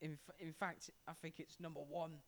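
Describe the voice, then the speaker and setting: A man's voice: on the high side, level tone, fairly quick. A young man from England co-hosting a casual podcast, rambling and stumbling over his words, with a sore throat. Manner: rambling, stumbling, self-correcting. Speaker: podcast co-host. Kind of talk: casual chat.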